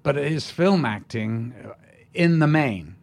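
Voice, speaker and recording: Older actor spinning anecdotes; rambling, self-correcting, middle-pitched. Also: male voice, expressive, slow pace, creaky, darkish tone. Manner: rambling with many restarts, amused. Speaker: actor guest. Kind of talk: casual anecdote in an interview.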